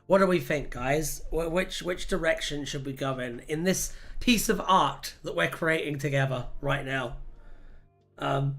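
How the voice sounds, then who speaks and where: Chatty, sweary livestream host. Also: medium pitch. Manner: chatty, sweary, quick asides to chat. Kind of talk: casual chat with live viewers.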